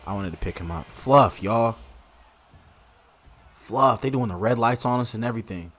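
A man streaming a football video game, giving excitable, slangy live commentary and talking to his viewers. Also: medium pitch, moderate pace. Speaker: gaming streamer. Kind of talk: casual live gameplay commentary.

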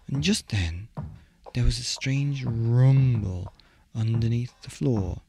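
A man reading a bedtime story aloud in a gentle, expressive, unhurried way. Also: medium pitch, vocal fry, over music.

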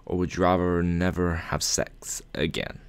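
A man's voice: low-pitched, flat delivery, measured pace, clean tone. A young man answering viewer questions in a casual vlog at his mother's home, rambling and joking, swearing and laughing often. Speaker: YouTuber.

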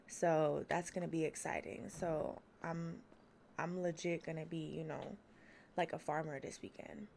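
A woman's voice: deep voice, steady tone, measured pace, gravelly, a little mellow. Young woman streamer, chatty and laughing with her chat, faint noise behind. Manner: chatty, laughs often, greets chat by name. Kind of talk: casual livestream chat.

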